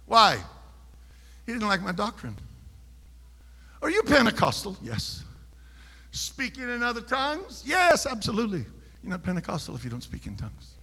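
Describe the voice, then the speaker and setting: A male pastor preaching a sermon, telling a story quietly and then shouting his points. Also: high voice, wildly swooping pitch, moderate pace, vocal fry, pauses often, slightly rough, big-room sound.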